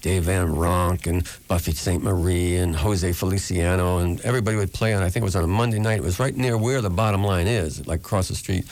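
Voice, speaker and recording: A man's voice: sits low, a little fast, few pauses, a little mellow. A man from New York, a radio guest, telling long rambling anecdotes and acting out the voices of people he quotes. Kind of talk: storytelling in a radio interview.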